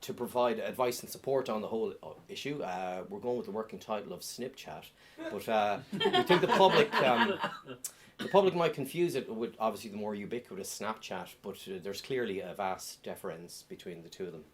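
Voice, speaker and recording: A middle-aged man doing a deadpan stand-up comedy set on a club stage, with many ums and uhs. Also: fairly low pitch, brisk.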